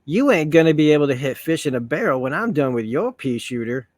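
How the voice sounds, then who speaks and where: A man putting on a gruff, drawling clawed mutant from a comic book reading, rough and short with people. The recording is dry and close. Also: on the high side, animated, fairly quick, dry recording, close to an everyday voice. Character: gruff male mutant with claws.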